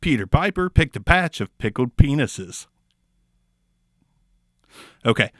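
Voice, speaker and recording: A man with a Southern US accent casually reviewing a microphone in his small home studio, goofy, swearing and cracking crude jokes, with sudden loud outbursts. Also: mid-range voice, clean tone, no echo. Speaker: mic reviewer.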